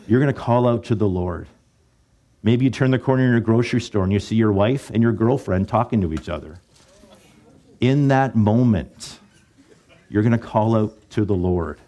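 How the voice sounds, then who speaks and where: Male pastor, warm low voice, conversational sermon with dry humor. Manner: joking, conversational preaching with dry asides.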